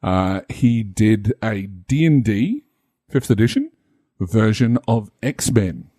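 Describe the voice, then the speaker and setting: A man's voice: lowish voice, very animated, takes it slowly, warm tone, no room sound, studio quality. A man, a game master co-hosting a casual podcast, rambling and self-deprecating with many fillers.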